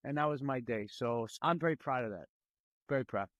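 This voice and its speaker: A man in a casual panel conversation who talks in an earnest, halting way and often repeats his words. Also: medium pitch, no room sound, highs cut off. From New York, USA. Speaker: guest, film director.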